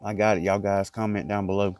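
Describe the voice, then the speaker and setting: A man's voice: on the low side, flat delivery, fairly quick, darkish tone, soft background music. A man vlogging casually from inside a small closet, rambling in a loose, chatty way while he eats. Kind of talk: casual mukbang chat.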